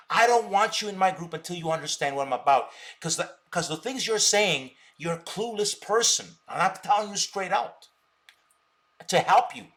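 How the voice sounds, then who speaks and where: A man's voice: a little high, fairly bright tone. A man hosting a live stream, combatively ranting at viewers and tripping over repeated words as he talks. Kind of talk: unscripted live stream talk.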